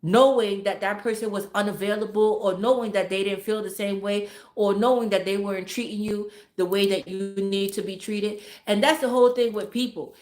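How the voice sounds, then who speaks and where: A woman hosts a casual livestream, lecturing her viewers with blunt, profane conviction and repeating words to drive each point home. Her voice sits at a middle pitch, and the room around her adds a noticeable echo. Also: fairly even intonation, normal speed, few pauses, darkish tone. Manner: blunt, heavily profane, emphatic and preachy. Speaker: livestream host talking to viewers. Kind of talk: casual livestream advice talk.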